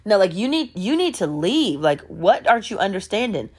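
A woman's voice: mid-range voice, big pitch swings, normal speed, slightly rough. A woman voicing a shocked woman who is trying to get an unwanted guest out, flustered but firm. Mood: exasperated.

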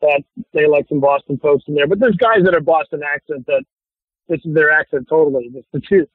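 A man's voice: fairly high pitch, fairly quick, no room sound. Rambling man on a phone line. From Chicago, USA. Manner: relaxed, rambling with many restarts. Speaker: actor guest. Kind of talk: casual interview chat.

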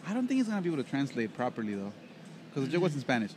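This podcast co-host speaks in a mid-range, darkish voice that races along with huge swings in pitch. He's a professional interpreter chatting casually, a rambling storyteller who loves a joke.

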